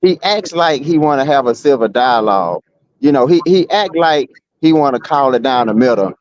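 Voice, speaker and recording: A man's voice: mid-range voice, expressive, normal speed, dry recording, lo-fi sound. A man in a casual streamed argument, rambling and repeating himself with blunt street talk. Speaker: guest.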